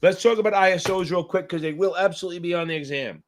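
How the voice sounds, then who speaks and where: Male tutor, live stream Q&A, casual and profane, rambling jokes, slightly high voice. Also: fast, a little hiss or hum. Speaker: exam tutor hosting a live Q&A.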